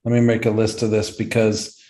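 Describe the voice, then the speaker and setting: A man hosting a podcast, telling stories in a lively way in casual chat. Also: on the low side, fairly quick. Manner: animated storytelling with acted quotes. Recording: echoey room.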